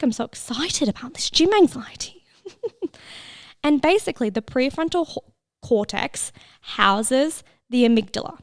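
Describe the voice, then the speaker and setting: Slightly high and animated at a moderate pace, this solo podcast host's voice is recorded at studio quality with no echo, close to the mic for headphone listeners. She's chatty and laughing, swearing with abandon and now and then slipping into a whisper.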